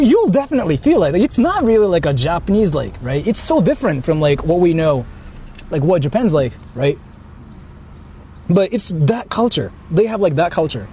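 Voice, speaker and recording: A man's voice: high-pitched, dark tone. A man vlogging while he drives, talking in a rambling, casual way, full of fillers and swearing. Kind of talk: casual chat while driving. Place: in a car. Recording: faint road noise in a car. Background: faint car and street noise.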